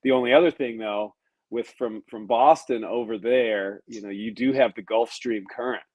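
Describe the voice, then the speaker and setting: A man who races sailboats, talking through ocean routes in a relaxed, thoughtful way with frequent pauses. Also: medium pitch, no echo. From United States. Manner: explanatory, thoughtful, with frequent ums. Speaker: professional racing sailor guest. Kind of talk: relaxed conversational podcast chat.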